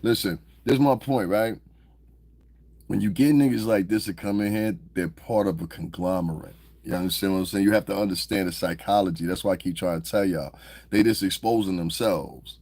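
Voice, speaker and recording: Low-voiced man ranting on a livestream. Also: fairly quick, a little mellow, no echo. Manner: profane, confrontational, mocking; repetitive, rambling. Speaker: livestream host. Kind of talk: livestream rant answering chat.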